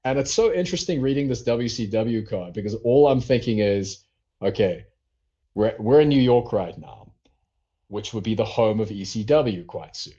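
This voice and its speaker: A man's voice: fairly low pitch, moderate pace, warm tone, highs cut off. A man co-hosting a wrestling podcast in casual chat, rambling through stories with many fillers. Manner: rambling, filler-heavy storytelling. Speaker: podcast co-host.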